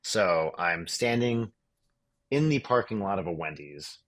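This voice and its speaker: A man's voice: sits low, expressive, unhurried, fairly bright tone. A man co-hosting a podcast, telling a road story in a dry, wry, casually profane way. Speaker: podcast co-host.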